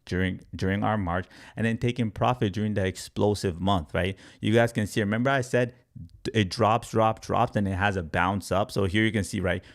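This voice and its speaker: Male crypto commentator, lowish voice, energetic, repeats his points, casual delivery. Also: normal speed, creaky. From Canada. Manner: energetic, repeats points, acts out panicking traders. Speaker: crypto YouTuber.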